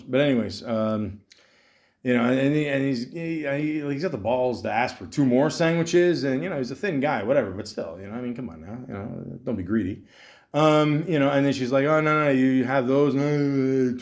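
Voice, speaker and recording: A Canadian man in his thirties hosts a podcast, his mid-range voice a little mellow. He tells a meandering story, casual and profane, packed with fillers and offhand swearing.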